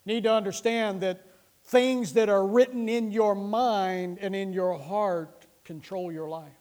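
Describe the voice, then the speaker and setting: A middle-aged pastor preaches in a high-pitched voice, pressing his points with repeated phrases and frequent restarts. When he quotes scripture, he lifts his voice and slows into a declaiming cadence. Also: steady tone, a little mellow. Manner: recites scripture passages in a raised voice. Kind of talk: sermon.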